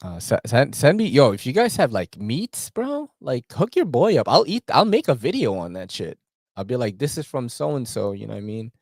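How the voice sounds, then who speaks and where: A man's voice: mid-range voice, very animated, normal speed, darkish tone, dry recording, clean studio sound. A man hosting a casual livestream chat, slangy and full of fillers and swearing. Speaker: host.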